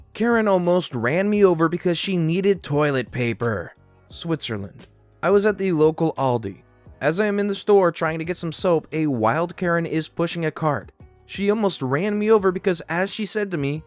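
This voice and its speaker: A man narrating reddit stories aloud with animated, sarcastic asides. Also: fairly high pitch, normal speed, no echo, faint music behind.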